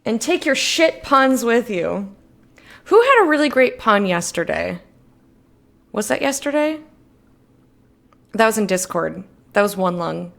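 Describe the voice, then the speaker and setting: A woman streamer chatting casually while playing a game, animated and swearing, laughing often. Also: mid-range voice, gravelly. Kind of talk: casual let's-play chat.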